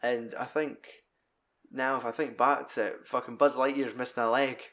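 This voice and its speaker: A man's voice: mid-range voice, level tone, moderate pace, fairly bright tone. A Scottish man in his thirties, chatting casually and rambling through a film retelling, swearing constantly. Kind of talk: casual chat.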